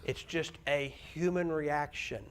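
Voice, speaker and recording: A man's voice: fairly high pitch, takes it slowly, clear, resonant tone. A man preaching a sermon to a church congregation, conversational and often asking the listeners questions. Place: church sanctuary.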